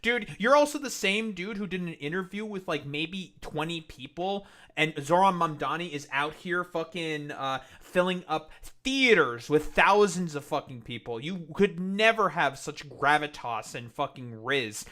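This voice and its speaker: A man's voice: a little high, expressive, a little slow, few pauses, sharp tone. A man co-hosting a livestream, ranting with heavy profanity. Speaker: co-host.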